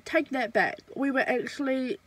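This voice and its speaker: A woman's voice: high-pitched, normal speed, poor audio. A young woman, casually telling a storytime while eating, with lots of fillers. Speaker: vlogger. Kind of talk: storytime mukbang vlog.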